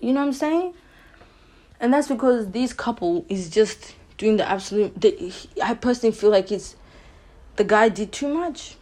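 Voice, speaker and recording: In a relaxed advice monologue on her podcast, a young host speaks to her audience about dating with strong opinions, frequently tossing in "you know what I'm saying." Her warm, mellow voice leans a bit high and moves at normal speed, and her delivery is loose and lively.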